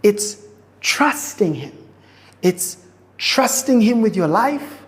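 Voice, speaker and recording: Slow-preaching woman in an echoing hall. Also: medium pitch, big pitch swings. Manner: slow, repetitive preaching with frequent restarts. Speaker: pastor. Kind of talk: sermon. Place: church auditorium. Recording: echoey hall with long reverb.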